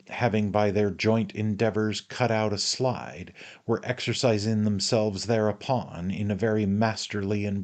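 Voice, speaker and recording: A male narrator reads a classic novel aloud for an audiobook in a steady, measured way. His voice is on the low side with a darkish tone.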